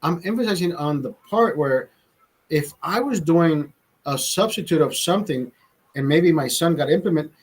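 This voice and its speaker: A young man with a slightly raised, husky voice tells a long personal story in casual talk. He rambles, swears freely and restarts his sentences often. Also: on the high side, expressive, moderate pace, poor audio. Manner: rambling, profane, many restarts. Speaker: vlogger host.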